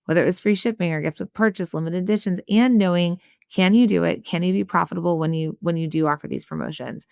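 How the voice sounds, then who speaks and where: A woman hosting a solo coaching podcast, talking in a loose, chatty way with a gravelly edge to her voice. Her pitch sits a little low for a woman. She sounds close to the mic in a dry, dead room. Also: quick pace, few pauses, darkish tone, no room sound. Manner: chatty, peppered with "like" and "right?"; acts out customer and waiter voices. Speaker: podcast host and business coach.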